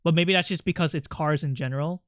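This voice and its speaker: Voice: medium pitch, fast talker, no room sound, clean studio sound. A streamer chatting casually and playfully with chat while drawing, rambling with lots of fillers.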